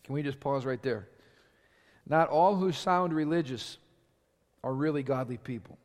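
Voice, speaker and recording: A man's voice: medium pitch, normal speed. A man preaching a sermon, asking his congregation rhetorical questions and building up in volume. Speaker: pastor. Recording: long hall reverb.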